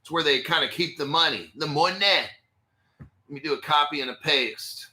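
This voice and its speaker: Guy doing a crypto stream, blunt and fed up, tense bright voice, kinda higher pitched, echoey room. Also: a little fast. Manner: blunt, exasperated, talks straight to viewers. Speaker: crypto channel host. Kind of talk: casual livestream commentary.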